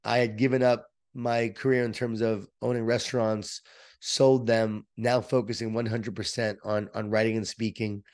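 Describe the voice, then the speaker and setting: A middle-aged man, an author being interviewed, telling stories in an energetic, emphatic motivational way. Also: medium pitch. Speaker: author and guest. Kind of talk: interview, storytelling.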